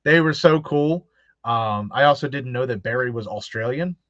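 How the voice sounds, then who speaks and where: Here the host is a man of medium pitch with a fairly bright tone who talks at a moderate pace. Chatting casually, he animates his stories by acting out quoted voices and laughing a lot, all captured in a dull, dry, lo-fi recording.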